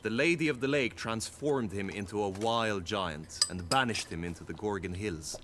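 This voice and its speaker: An actor playing an earnest young knight who speaks in formal, old-fashioned courtly phrases in a video game. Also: male voice, on the low side, normal speed, natural voice. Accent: mixed British Isles-like accent. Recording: game audio with faint noise.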